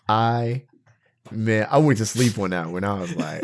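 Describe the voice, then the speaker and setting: A man's voice: fairly low pitch, takes it slowly, long pauses, a little hiss or hum. A man co-hosting a casual chat, telling funny stories with lots of laughter. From Southern California. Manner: laughing storyteller, animated. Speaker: podcast co-host.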